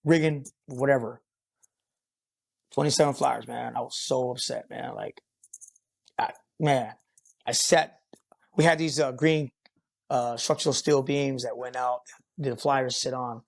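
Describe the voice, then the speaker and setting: A construction foreman guesting on a podcast, talking in a loose, rambling way. He peppers his talk with swearing and fillers and keeps it casual, his voice sitting at an ordinary middle pitch for a man. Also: fairly even intonation, unhurried, vocal fry, pauses often. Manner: rambling, profane, filler-heavy. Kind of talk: casual storytelling interview.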